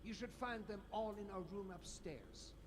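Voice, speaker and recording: An actor with a German accent playing a formal, wordy gentleman and husband who was once blind, in a video game. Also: sits high, moderate pace, background noise, natural voice. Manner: courtly, theatrical, wordy.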